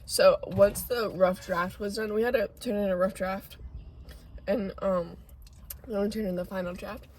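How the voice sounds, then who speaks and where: A teenage girl explains things at length in a hesitant way, filling her talk with ums and likes. Her voice is middle-pitched, over a faint background noise. It sounds like a loose chat between friends. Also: fairly even intonation, moderate pace, darkish tone. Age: teens. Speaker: podcast co-host. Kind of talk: casual chat.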